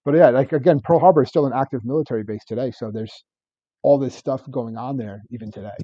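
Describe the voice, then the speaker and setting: A man's voice: mid-range voice, quick pace, husky, no room sound, dull audio. A man co-hosting a podcast, telling stories in rambling casual chat with many restarts and laughs. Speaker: podcast co-host.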